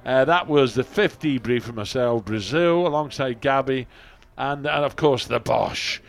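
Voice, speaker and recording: Older man telling lively stories. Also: mid-range voice, a little slow, gravelly. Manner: animated storyteller, puts on voices in quotes. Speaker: radio co-host. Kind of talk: casual chat, anecdotes.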